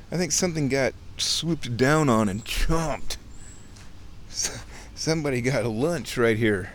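A chatty, playful man talks his way along a creek outdoors, recorded on a camera he carries as he walks. His voice sits at an ordinary middle pitch. Faint outdoor ambience hums behind him. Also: a little hiss or hum. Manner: playful and chatty, mimics sounds, chuckles often. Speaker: nature vlogger. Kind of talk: casual walking narration.

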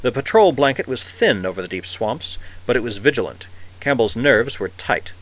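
A man narrating a science-fiction story in a measured, expressive reading. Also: medium pitch, rough recording. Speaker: audiobook narrator.

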